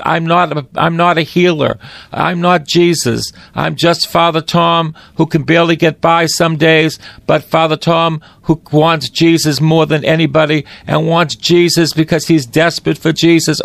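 A man's voice: fairly high pitch, vocal fry, no room sound. A man, a priest, preaching on a broadcast in a fervent, pleading way, repeating his phrases.

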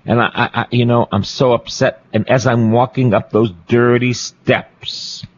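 A man's voice: medium pitch, level tone, measured pace, highs cut off. A Catholic priest, a man, preaching a storytelling sermon, repeating phrases for emphasis and asking his listeners questions.

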